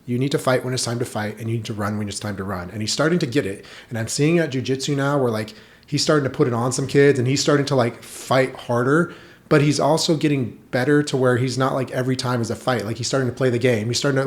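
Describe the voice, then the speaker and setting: A man of middle pitch talks as a guest on a podcast. He tells stories in an animated, casual way and fills his sentences with "like.". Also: quick pace. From United States. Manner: animated storytelling, heavy use of "like". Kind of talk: casual chat.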